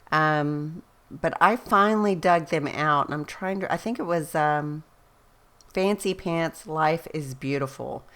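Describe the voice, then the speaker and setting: Low-voiced chatty woman. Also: fairly bright tone, clean tone. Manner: rambling, chatty storyteller who laughs often. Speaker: scrapbooking vlogger. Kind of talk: casual chat.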